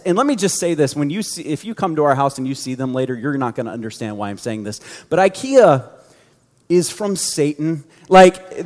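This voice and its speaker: A man with a fairly high voice preaches a sermon in a casual, joking way. His voice rings out with long reverb from a church hall. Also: a little mellow. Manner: conversational, joking storyteller. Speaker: youth pastor.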